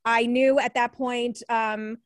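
A woman's voice: fairly high pitch, level tone, takes it slowly, dry recording. Chatty New York woman in her forties. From New York area. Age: 40s. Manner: chatty, laughing, many fillers. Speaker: alumni guest, former radio newscaster. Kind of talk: casual interview chat.

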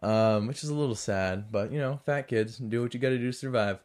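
A man's voice: mid-range voice, a little fast, darkish tone. A man with a mix of Southern US and Boston accent, hosting a podcast in a rambling, self-mocking storytelling style. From American South and New England. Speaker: podcast host. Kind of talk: casual storytelling monologue.

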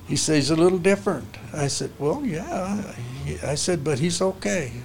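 A man's voice: a little high, moderate pace, gravelly, a little hiss or hum. An older man, a horse trainer, telling folksy stories in casual conversation with salty ranch talk. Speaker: interview guest, horse trainer.

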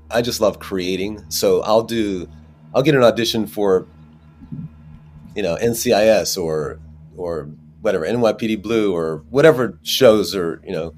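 A man's voice: fairly low pitch, darkish tone. A man, an actor, talking casually in an interview, rambling with many restarts and fillers. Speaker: actor guest.

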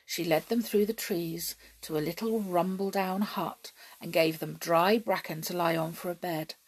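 A woman reading a children's story aloud slowly and expressively, often dropping to a hush. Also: lowish voice, steady tone, husky.

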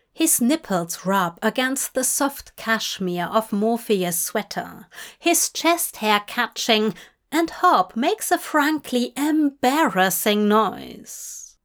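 Slow, intimate woman narrator. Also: a little high. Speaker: fanfic reader. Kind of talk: scripted audiobook narration.

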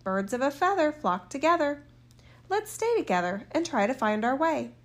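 A woman's voice: high voice, very animated, normal speed. Woman doing a hearty bold soldier. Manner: hearty and confident. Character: bold cheerful hungry old soldier man.

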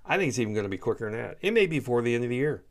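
A man's voice: mid-range voice, very animated, racing. Heated man ranting. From United States. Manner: heated, emphatic, repeats himself. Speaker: political commentator. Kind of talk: opinionated solo commentary.

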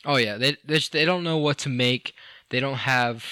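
A man's voice: mid-range voice, normal speed, pushed and bright, a little hiss or hum. A young man co-hosting a casual podcast, rambling and joking with lots of fillers, restarts and swearing. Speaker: podcast co-host. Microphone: studio microphone.

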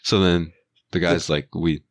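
A man's voice: extremely low pitch, moderate pace, no echo, studio quality. A young man casually retelling a work story, full of slang and swearing, and acting out what people said. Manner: profane, slangy, animated retelling with quoted voices.

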